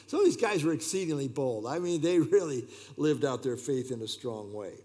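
Brief: man preaching, emphatic, repeats key lines, slightly high pitch. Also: big pitch swings, normal speed, gravelly, hardly any pauses, warm tone. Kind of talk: sermon.

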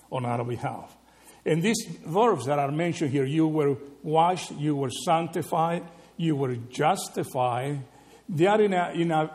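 A man preaching a sermon, animated and conversational, often asking his listeners "right?". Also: a little high. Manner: animated, rhetorical questions with frequent "right?". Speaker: pastor.

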